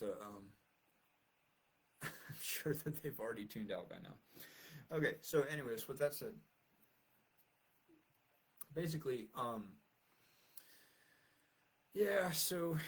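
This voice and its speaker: A man's voice: mid-range voice, slightly rough, poor audio. A man talking casually to his viewers, rambling and self-deprecating with many fillers, and reading his own essay aloud.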